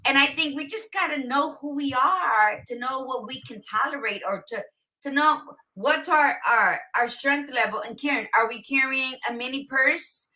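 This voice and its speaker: A woman co-hosting a podcast speaks in a notably bright, slightly high voice. She is blunt and profane, and her talk moves along in casual, no-nonsense chat. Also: moderate pace, low-quality recording. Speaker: podcast co-host.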